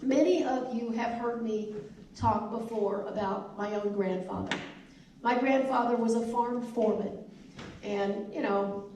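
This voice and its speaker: A woman's voice: fairly high pitch, measured pace, mellow, slight background noise. A woman with a Southern US accent gives a town hall speech as a congresswoman, in an emphatic, repetitive oratorical manner. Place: elementary school hall. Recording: echoey hall from far off.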